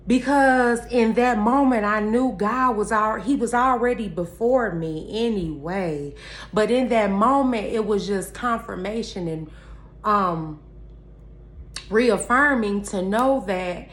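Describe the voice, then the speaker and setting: Slow, emphatic woman giving a faith talk. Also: mid-range voice. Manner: emphatic, repeats phrases like a preacher; candid, addresses viewers directly as y'all. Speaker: vlogger. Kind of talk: heartfelt faith-based motivational talk.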